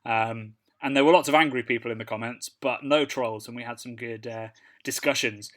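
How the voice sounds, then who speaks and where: A man co-hosting a casual podcast, telling stories in a relaxed, chatty way and laughing along. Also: medium pitch, normal speed. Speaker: podcast co-host. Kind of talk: casual chat.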